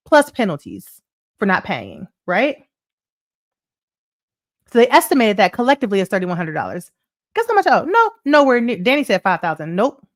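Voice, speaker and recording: A woman hosting a money show, telling a story in a chatty, repetitive way and reading out viewer comments. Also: fairly high pitch. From United States. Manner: chatty storyteller, repeats points, asks "right?" often; reads viewer comments aloud. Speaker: show host. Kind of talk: casual livestream money talk.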